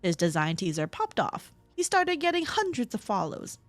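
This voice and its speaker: A woman's voice: medium pitch, very animated, normal speed, no room sound, faint music behind. A woman narrating a commentary video, opinionated and storytelling.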